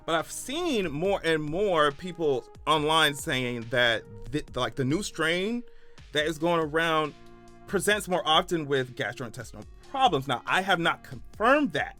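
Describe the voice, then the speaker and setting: A man giving casual comedic commentary on a news story, animated and profane, laughing often as he talks. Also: a little high. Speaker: YouTube commentator.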